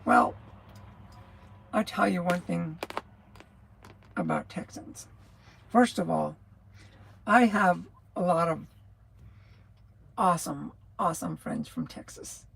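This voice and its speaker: A woman in her sixties chats slowly and loosely on a livestream, drifting off topic and laughing. Her voice is gravelly and scratchy with a rattle. It also sounds a bit husky. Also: lowish voice, very animated. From New Mexico. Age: 60s. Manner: rambling, loses her train of thought, laughs often. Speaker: livestream host, truck driver. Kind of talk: casual livestream chat.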